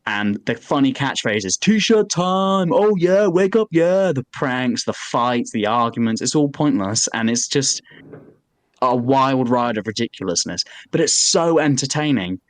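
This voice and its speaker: A man on a podcast, chatting casually and telling an animated story full of swearing and "like" fillers. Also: medium pitch, normal speed, dry recording. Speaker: podcast co-host. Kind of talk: casual chat.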